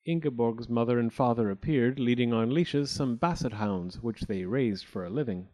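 A man narrating a storybook aloud in an expressive way, slipping into character voices. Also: mid-range voice, normal speed.

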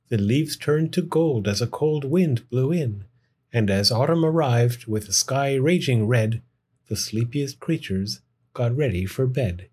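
A man reading a rhyming children's picture book aloud in an expressive, sing-song way. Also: mid-range voice, slightly rough. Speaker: storyteller. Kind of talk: storybook read-aloud in rhyme.

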